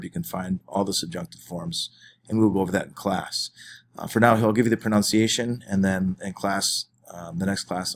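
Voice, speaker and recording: A man's voice: lowish voice, slight background noise. A man teaching his class in a recorded lesson, explaining step by step with small fillers and restarts. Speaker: French teacher.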